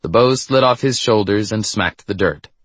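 A man reads a novel aloud in a measured, steady way. His voice is low with a husky grain, recorded close and dry. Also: no echo. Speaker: audiobook narrator. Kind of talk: scripted narration.

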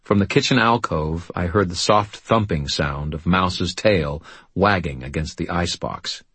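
A man reads a first-person audiobook in a steady, understated delivery. His voice sits very low and carries a husky grain. The sound is close and dry, with no room echo. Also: measured pace. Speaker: audiobook narrator.

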